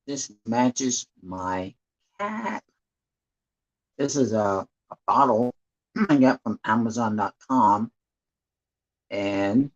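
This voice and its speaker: Slow rambling man clearing his throat. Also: medium pitch. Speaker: livestreamer painting for viewers. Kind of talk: casual live-stream chat. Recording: dull lo-fi stream audio.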